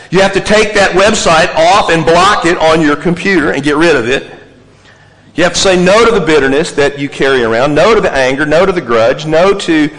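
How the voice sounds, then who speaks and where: A man preaching, his voice a little high for a man and carried by the long reverb of a big hall. He tells stories with animation and hammers his points home in repeated, emphatic lists. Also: a bit bright. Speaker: pastor. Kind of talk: sermon.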